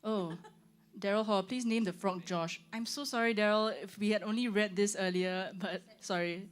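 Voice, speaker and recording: In a room with her band, a young Singaporean woman chats loosely on the livestream for her own launch, her talk full of "like" and "um." She speaks at normal speed in a mid-range voice with fairly even intonation.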